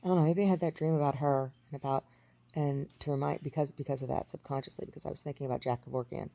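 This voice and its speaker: A woman's voice: sits low, steady tone, fast talker, vocal fry, warm tone. A woman in her forties talking through a rambling personal story, full of restarts and fillers. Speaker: vlogger. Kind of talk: casual storytelling monologue.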